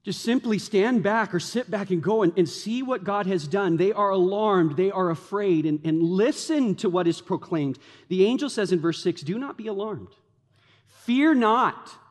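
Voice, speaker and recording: A man preaching a sermon as a pastor, telling stories in an animated way and leaning on "like" as a filler. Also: sits high, moderate pace. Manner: animated storytelling, many fillers like "like". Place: church sanctuary. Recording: long hall reverb.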